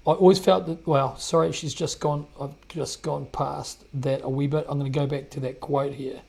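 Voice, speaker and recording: A man talks over clips on his podcast. His voice sits a little high and has a gravelly edge. He sounds indignant and hammers his points home by repeating them. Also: flat delivery, normal speed, darkish tone. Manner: indignant, emphatic, repeats himself. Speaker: podcast host. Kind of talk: commentary on played clips.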